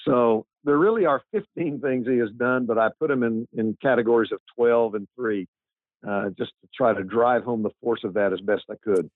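A man's voice: medium pitch, moderate pace, no room sound. A man speaks as a pastor in an interview, earnest and emphatic, often restarting his sentences. His voice comes through a thin, phone-like line. The sound is very dry, with no room to it. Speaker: pastor and author. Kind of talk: interview answers.

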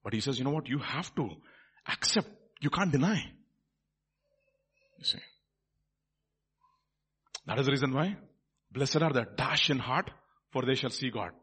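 A man preaching a sermon, swinging between loud emphasis and hushed asides. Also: medium pitch, expressive, a little slow, pauses often, breathy edge.

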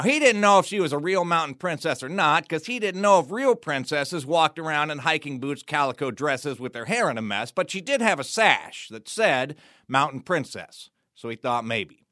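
A man spins a folk tale, folksy and playful, dropping wry asides. His voice is bright and sharp, a touch high, and sits close and dry on the mic. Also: no room sound. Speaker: storyteller. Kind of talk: performed folk tale narration.

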